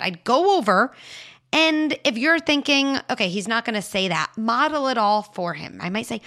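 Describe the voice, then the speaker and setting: Bright-voiced woman giving parenting advice. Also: on the high side. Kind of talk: advice talk answering a caller.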